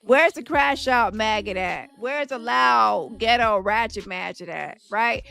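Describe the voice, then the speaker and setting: A woman's voice: fairly high pitch, measured pace, gravelly, sharp tone. A woman hosting a livestream, taunting a rival and turning to her viewers in heated reaction commentary. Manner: taunting, confrontational, addresses viewers directly. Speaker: livestream host.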